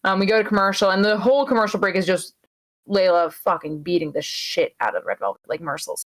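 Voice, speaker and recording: A woman's voice: on the low side, expressive, fast talker, low-quality recording. A woman co-hosting a podcast, giving a loose, swearing play-by-play recap full of fillers. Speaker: podcast co-host. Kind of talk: casual wrestling recap chat.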